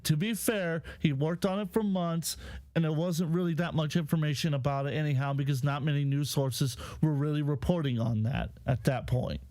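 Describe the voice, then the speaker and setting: Heated, profane high-voiced male host. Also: darkish tone, dry recording. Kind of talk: ranting live commentary.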